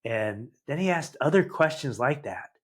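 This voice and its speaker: A man in his sixties, a guest entrepreneur, tells life stories in a lively conversational way and acts out the dialogue. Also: medium pitch, moderate pace. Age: 60s. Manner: animated anecdotal, acts out quoted dialogue. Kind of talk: conversational storytelling.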